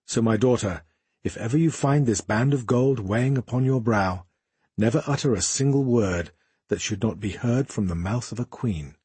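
A grave, wise old king gives solemn counsel, as a man puts him on. His voice drops deep and quiet, measured and husky. It is recorded dry and close. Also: no room sound.

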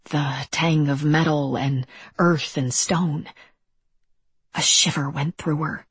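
A narrator reading a dark fantasy audiobook in a measured, even, dramatic way. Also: medium pitch, breathy edge, no echo.

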